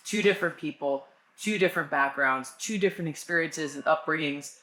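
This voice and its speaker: Earnest woman guest, bright and echoey. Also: low voice. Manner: warm, earnest, laughs along, thoughtful pauses. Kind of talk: casual interview.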